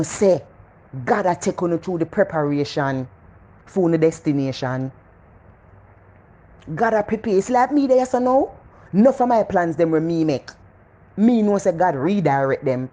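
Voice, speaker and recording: A middle-aged woman with a Jamaican accent giving a casual motivational talk, animated and preachy, repeating phrases for emphasis. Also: sits low. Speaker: motivational vlogger.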